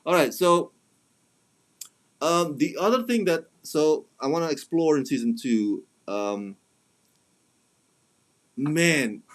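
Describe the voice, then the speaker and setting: A man's voice: fairly high pitch, lively intonation, slow, long pauses. A man giving a casual spoken review, talking in a chatty way with many fillers and restarts, and putting on mocking voices when he quotes others. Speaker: film reviewer.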